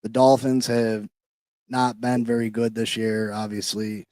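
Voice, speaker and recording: A man hosting a casual sports podcast, talking in hyped-up slang and shouting out people in the chat. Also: fairly low pitch, flat delivery, unhurried, no echo, studio quality. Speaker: podcast host. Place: New York.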